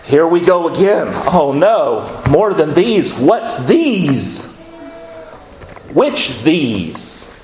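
A man preaching a sermon as a pastor, conversational in tone, with quick acted asides as he talks through scripture. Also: fairly high pitch, big pitch swings, a little mellow, echoey room, poor audio.

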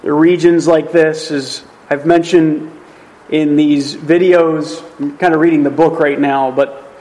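A man's voice: a little high, steady tone, measured pace, darkish tone, poor audio. A man teaching through a Bible passage in a video, emphatic and conversational, often checking in with "right?".

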